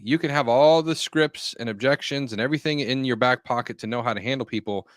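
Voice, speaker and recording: A man's voice: medium pitch, a bit bright, no room sound, clean studio sound. A man co-hosting a real estate podcast, giving direct, matter-of-fact advice and laughing easily. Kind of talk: casual chat and advice.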